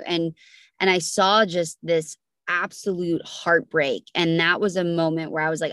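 A young woman speaks in a lowish voice, telling a personal story with fierce intensity. She repeats phrases for emphasis, and the recording is dry and close, with no room sound. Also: fairly even intonation, normal speed, fairly bright tone, no room sound. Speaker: podcast guest.

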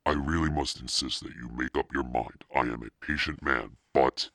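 A man's voice: a bass voice, fairly even intonation, moderate pace, fairly bright tone, no room sound, clean studio sound. A man reading a stern, impatient shopkeeper in an audiobook, firm and warning.

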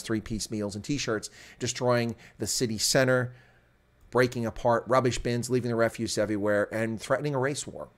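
A man hosting a daily news rundown, delivering opinionated, sarcastic commentary with open scorn. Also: medium pitch.

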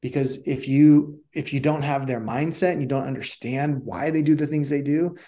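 A man's voice: fairly high pitch, moderate pace. A middle-aged man who coaches communication, telling stories casually in an interview and acting out the dialogue. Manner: animated storyteller who acts out dialogue.

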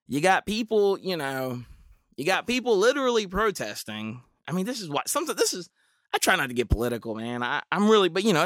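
A man's voice: mid-range voice, pushed and bright, no echo, studio quality. A man in his thirties hosting a solo podcast, rambling through jokey tangents with lots of fillers and restarts. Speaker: podcast host and middle school teacher.

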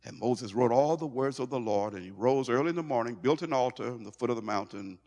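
A male pastor preaching a sermon in an animated way, stumbling over and repeating words as he goes. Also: medium pitch, fast talker. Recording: long hall reverb.

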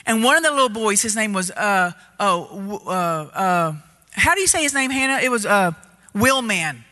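A woman telling a story in a sermon, animated and loud, getting louder as she gets excited. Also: medium pitch, moderate pace. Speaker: preacher. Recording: reverberant hall.

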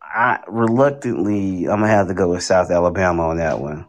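Guy, lowish voice, calmly explaining his sports picks. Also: a little fast. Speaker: sports podcast co-host. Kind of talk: casual sports chat.

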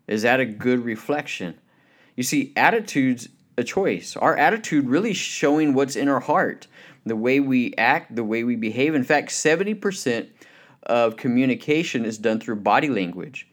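A man's voice: medium pitch, moderate pace. Earnest man giving a motivational talk. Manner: earnest, conversational, many "you know" fillers; tells anecdotes with lively acted quotes. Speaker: speaker.

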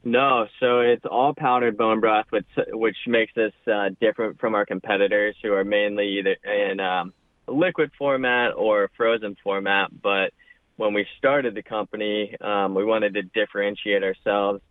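A man guesting on a podcast, answering quickly with fillers over a phone line. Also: on the low side, fairly even intonation, dry recording. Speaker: company co-founder, guest. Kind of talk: casual interview answers.

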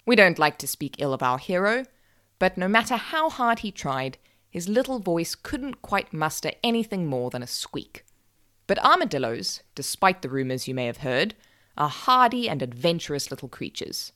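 A woman narrating a folk tale for a podcast with wry, deadpan asides. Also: fairly low pitch, moderate pace. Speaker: podcast storyteller. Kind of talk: scripted narration.

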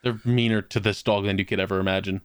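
A man's voice: fairly low pitch, fairly even intonation, fast, clear, resonant tone, dry recording, clean studio sound. A young man chatting casually, telling rambling, profane stories with bursts of laughter. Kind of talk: casual chat.

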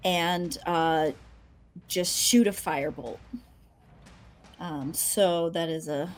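A woman's voice: lowish voice, slow. A woman playing a tabletop game, chatting casually about her character's moves. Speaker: player.

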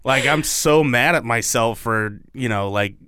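A man's voice: mid-range voice, measured pace, pushed and bright, smooth, dry recording, clean studio sound. A young man co-hosting a podcast in casual chat, rambling with restarts and the odd swear word. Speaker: podcast co-host.

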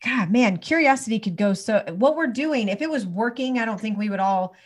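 A woman's voice: a little high, lively intonation, a little fast. Woman on a heated rant. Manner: heated, restarts often, ranting. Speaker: chiropractor. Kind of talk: impassioned conversational talk.

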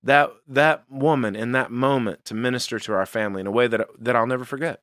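A man's voice: mid-range voice, quick pace, no echo, clean studio sound. A man co-hosting a casual faith podcast, telling stories earnestly. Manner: earnest storytelling, animated. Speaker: podcast co-host.

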